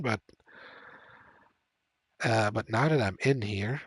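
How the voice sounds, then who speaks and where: A man speaks slowly in a fairly low voice while streaming a game. It's casual live commentary: he reasons out loud, reads the game's text and choices, and fills it with lots of fillers and laughs.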